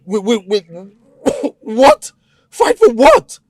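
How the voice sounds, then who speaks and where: A captive pastor stammers and pleads for release. His voice runs high and lurches between pitches, broken by coughs. The recording is dry. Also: big pitch swings, unhurried, darkish tone, breathy edge, no room sound, full character voice. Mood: pleading. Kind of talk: Nollywood film acting.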